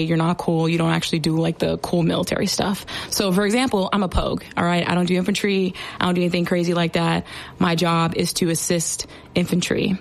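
A young woman who serves as a sergeant, casually explaining military slang in a chatty, playful way with lots of fillers. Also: on the low side. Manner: chatty, filler-heavy, playful teasing asides.

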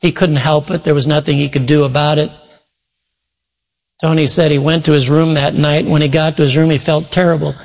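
A preacher with a slightly high voice tells a long story in an earnest sermon, giving voice to each person in it. His words ring out with a long reverb through a large church hall. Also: level tone, fairly quick, creaky. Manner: retells a story with many quoted voices, earnest. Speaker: pastor.

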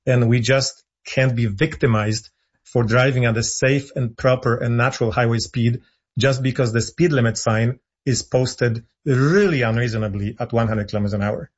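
Insistent husky man on a dull line. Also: mid-range voice, steady tone, normal speed. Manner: insistent, argumentative, repeats points for emphasis. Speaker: guest, founder of an advocacy group. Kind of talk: radio call-in interview.

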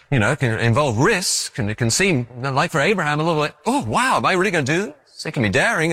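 A man's voice: mid-range voice, dry recording. Male preacher, chatty sermon, bouncy voice that goes up and down a lot, dry close sound. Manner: conversational and animated, acting out stories.

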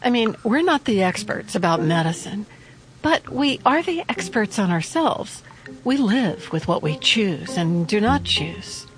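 Female radio host, scripted narration, measured delivery, animated pitch, soft music bed.

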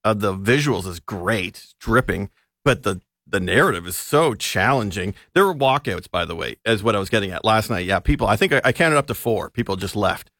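A man's voice: on the low side, a little fast, no echo, studio quality. A man co-hosting a radio show in casual chat, talking with frequent restarts and easy laughs. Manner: animated, hesitant restarts, laughs easily. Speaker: radio co-host and film reviewer.

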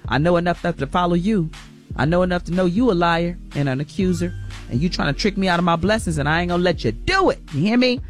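A woman's voice: fairly low pitch, lively intonation, quick pace. A woman radio host delivers a spirited inspirational message, preachy and emphatic, repeating key lines for stress. She talks folksy and direct, calling her listeners y'all. Faint music plays behind her. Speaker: radio morning show host.

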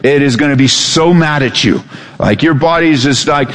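A man's voice: on the high side, normal speed. Man preaching in an echoing hall. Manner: animated preaching, acts out voices. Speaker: pastor. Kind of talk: sermon. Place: church sanctuary. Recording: hall reverb.

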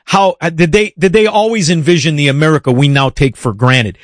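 A man's voice: on the high side, fairly quick, dry recording. Male interview host, passionate and rambling, dry close sound. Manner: impassioned, rambling questions. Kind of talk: conversational interview.

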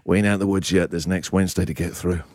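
A man's voice: deep voice, steady tone, quick pace, background noise. A man hosting a radio breakfast show, teasing callers and joking through playful studio banter. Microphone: studio microphone.

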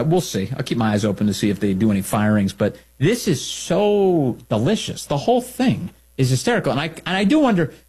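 Husky, mocking male commentary host. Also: fairly low pitch. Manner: mocking, incredulous, animated. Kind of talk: sarcastic solo commentary.

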